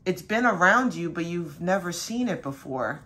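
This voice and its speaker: A woman's voice: lively intonation, moderate pace, bright, forceful tone. Chatty woman telling a rambling story. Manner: rambling, full of fillers and mild cursing; quotes her dad in a higher voice. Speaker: spiritual reader. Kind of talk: casual storytelling.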